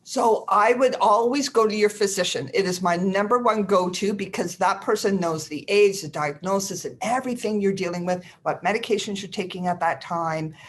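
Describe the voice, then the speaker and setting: A middle-aged woman nurse teaches caregivers in a webinar. She speaks in a warm, reassuring way at an everyday middle pitch and slips into short acted lines to show what to say to family. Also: normal speed, few pauses. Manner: lively, acts out sample dialogues with family members. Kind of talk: educational webinar talk.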